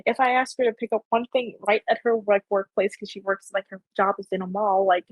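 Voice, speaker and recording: A woman's voice: medium pitch, steady tone, brisk, no echo. A young woman from Canada with a light Ontario accent, hosting a casual podcast chat and rambling with lots of "like". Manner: rambling, heavy on filler "like". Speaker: podcast host.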